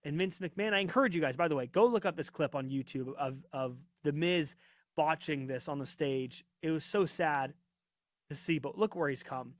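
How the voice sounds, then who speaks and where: A man's voice: on the high side, normal speed, no room sound. A man hosting a live wrestling watch-party podcast, chatting casually and rambling while reading out viewer comments, his voice getting worn. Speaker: podcast host. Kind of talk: casual live-stream chat.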